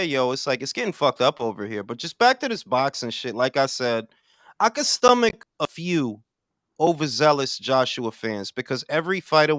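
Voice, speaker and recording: Man co-host, profane animated ranter, lively pitch, dry mic. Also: clear, resonant tone, no room sound. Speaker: podcast co-host. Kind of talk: casual boxing talk.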